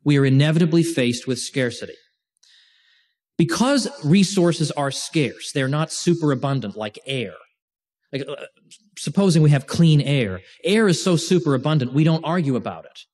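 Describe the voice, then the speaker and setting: A man giving an informal lecture to a class, chatty and animated, with restarts and joking asides. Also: on the high side.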